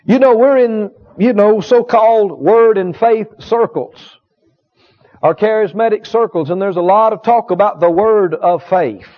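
A man preaches with a high, ringing voice, hammering key phrases again and again and pausing to draw agreement from his listeners. The recording is dull and lo-fi. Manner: emphatic, repetitive, call-and-response with the congregation. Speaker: healing school teacher and preacher. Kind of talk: sermon. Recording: dull lo-fi sound.

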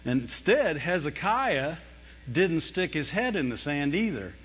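A man preaching a lively sermon, mimicking whining voices and laughing often as he talks. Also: fairly high pitch, measured pace, husky, long reverb tail. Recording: dull lo-fi sound.

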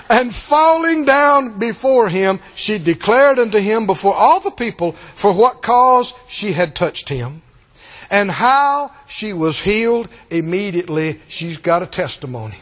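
Man, sermon, high voice, lively delivery, laughing, acting out scenes. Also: takes it slowly. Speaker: preacher.

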